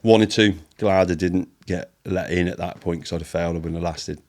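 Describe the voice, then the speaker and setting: A low-pitched man from Britain talks casually as a podcast guest. He tells long stories, swears freely and slips into the voices of the people in them. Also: fairly even intonation, a little fast, darkish tone. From United Kingdom. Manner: swears often, storytelling, acts out quotes. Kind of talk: casual chat.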